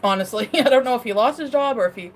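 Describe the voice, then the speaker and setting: A woman's voice: a little high, fast talker, a little hiss or hum. Rambling young woman, casual chat. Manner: rambling, full of "like" and trailing restarts. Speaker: social media influencer.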